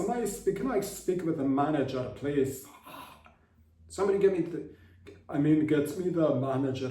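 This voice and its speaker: A man voicing a blustering male militant leader bargaining over the phone, with an exaggerated put-on accent, talking slowly and insistently. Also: mid-range voice, natural voice. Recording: roomy, voice far from mic.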